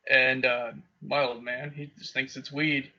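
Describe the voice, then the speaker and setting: A man, co-hosting a casual podcast and telling profane stories with loud impressions. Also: flat delivery, unhurried. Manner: profane storyteller, loud high-pitched impressions of his dad. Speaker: podcast co-host. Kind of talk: casual chat. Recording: dull lo-fi podcast audio.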